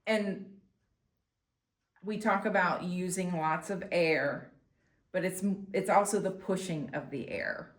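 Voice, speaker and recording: A woman's voice: on the low side, takes it slowly, pauses often. A woman flute teacher explaining technique in a patient, instructional way. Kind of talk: instructional demonstration. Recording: echoey room with faint noise.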